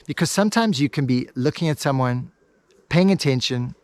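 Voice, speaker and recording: A man teaching hypnosis, switching between quick lively talk and a slow, soft, paused delivery. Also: mid-range voice. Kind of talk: instructional video monologue.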